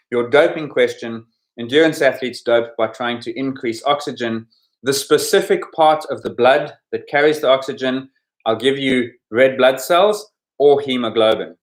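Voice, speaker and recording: A man's voice: medium pitch, normal speed. Man hosting a chatty sports quiz. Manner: explanatory, chatty, goes over answers with asides. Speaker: podcast host running a sports quiz. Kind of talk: casual quiz commentary. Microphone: podcast microphone.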